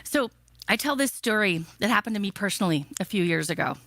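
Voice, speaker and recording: Emphatic, lively woman giving a keynote. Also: medium pitch, quick pace, no room sound. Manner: energetic, emphatic, repeating rhetorical questions. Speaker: keynote speaker. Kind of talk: motivational keynote speech.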